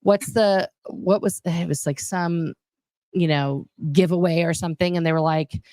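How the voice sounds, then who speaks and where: An American woman hosting a casual chat on a video call. Her voice is a little low, and the sound is dry and close, with no room to it. She talks in an animated, joking way, with plenty of asides. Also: moderate pace, no echo. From United States. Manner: animated, jokey, says "let's be honest". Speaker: host.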